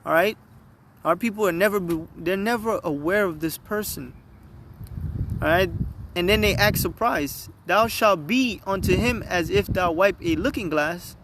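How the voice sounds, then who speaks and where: High-voiced man preaching emphatically. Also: a bit bright, slight background noise. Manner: emphatic, repeatedly asks "all right?". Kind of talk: scripture reading and sermon. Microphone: phone.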